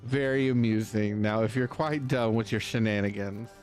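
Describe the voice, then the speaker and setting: A man's voice: lowish voice, normal speed, darkish tone, faint music behind, natural voice. A man reading a pompous male village mayor, a former royal painter, aloud in stately old-fashioned speech. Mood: haughty. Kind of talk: reading game dialogue aloud.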